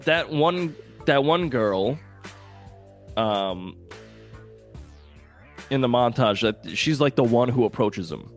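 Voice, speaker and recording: A man's voice: medium pitch, slow, pauses often, faint music behind. A man co-hosting a podcast, chatting casually and animatedly, swearing and acting out scenes. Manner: animated, swears, acts out quotes. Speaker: podcast co-host. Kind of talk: casual movie chat.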